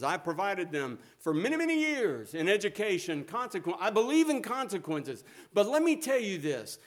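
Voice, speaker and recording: Middle-aged male preacher, expressive pitch, folksy storyteller, warm humor. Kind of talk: sermon.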